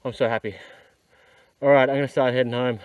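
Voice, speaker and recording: A man's voice: mid-range voice, steady tone, a little fast, clear, resonant tone, no room sound, lo-fi sound. An exhausted man, talking casually to an action camera while riding a motorbike outdoors. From Australia. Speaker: adventure motorcycle vlogger. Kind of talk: casual vlog narration. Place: outdoors on a dirt trail.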